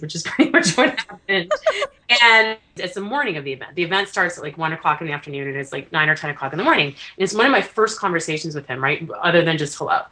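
A woman being interviewed, telling lively stories and laughing often in casual chat. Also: on the low side. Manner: animated storyteller, laughs often. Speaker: interview guest, business consultant.

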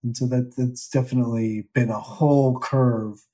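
A man's voice: medium pitch, steady tone, normal speed, dark tone. Candid rambling man in his fifties. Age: 50s. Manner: candid, rambling, self-deprecating. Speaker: actor guest. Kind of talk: casual interview chat.

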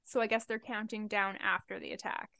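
A young woman with a medium-pitched, sharp voice and vocal fry talks briskly while co-hosting a book podcast. She recaps chapters in casual, chatty conversation, laughing often and swearing freely. There is no room sound.

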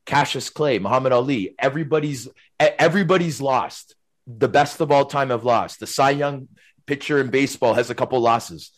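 Rambling, animated middle-aged man. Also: medium pitch, moderate pace. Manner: rambling, animated, tag questions like "right?" and "man". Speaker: guest, former hockey player. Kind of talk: casual storytelling.

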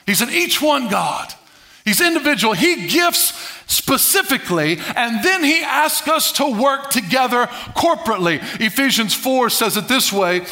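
A male pastor preaching a sermon, calling on the congregation to repeat words and swinging between loud bursts and low muttered asides. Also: big pitch swings, moderate pace, vocal fry. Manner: preaches with call-and-response to the congregation.

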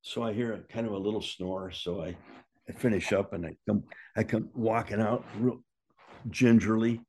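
A man telling a casual anecdote, animated and jumping up in pitch when he acts out what others said. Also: normal speed, a little hiss or hum. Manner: animated, acts out quoted voices with big pitch jumps. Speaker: storyteller guest.

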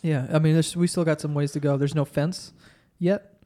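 A man's voice: a little high, steady tone, normal speed, warm tone. A young American man hosting a podcast, chatting casually and telling stories with plenty of profanity. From United States. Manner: loose, profane storytelling. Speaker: podcast host. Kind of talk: casual chat.

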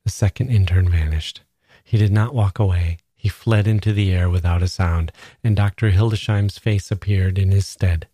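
Low mellow guy reading a novel aloud, unhurried, dry close sound. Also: fairly even intonation, husky, no echo. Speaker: narrator. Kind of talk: literary reading.

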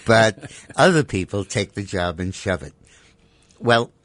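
A man's voice: on the low side, animated, unhurried. A man giving opinionated commentary as a radio talk show guest, emphatic and piling up repeated rhetorical demands.

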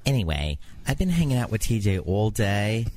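A man's voice: on the low side, big pitch swings, moderate pace, a little mellow. A man putting on a brash woman with a fake New York accent during comedic podcast banter. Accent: put-on New York. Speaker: podcast co-host.

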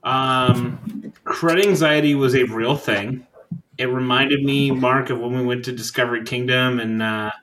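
A man's voice: mid-range voice, steady tone, measured pace, a bit bright, a little hiss or hum, poor audio. A young man co-hosting a podcast, telling a trip story in a rambling, profane, laid-back way with lots of fillers. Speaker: podcast co-host. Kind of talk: casual chat.

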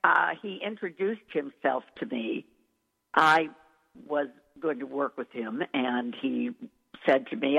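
A gravelly-voiced woman coach, effusive and full of enthusiasm as she tells her stories. Her voice comes through a thin, phone-like channel. It has a long reverb tail. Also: rumbling low, takes it slowly. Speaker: dialect coach, guest. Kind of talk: interview storytelling. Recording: echoey, tinny phone-like recording.

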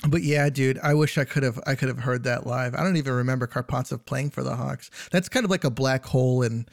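A man's voice: medium pitch, a little fast, gravelly, dry recording, clean studio sound. A man co-hosting a casual podcast, easygoing and leaning on filler phrases. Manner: easygoing, many "you know" fillers. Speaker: podcast co-host. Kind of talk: casual hockey podcast chat.

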